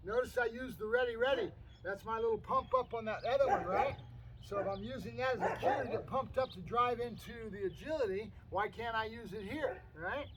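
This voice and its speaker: A man's voice: very high-pitched, fairly quick, crowd noise. A man who is a dog trainer, chatting casually to the camera and praising his puppy in short bursts. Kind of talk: casual training vlog with commentary. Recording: distant mic with loud background noise.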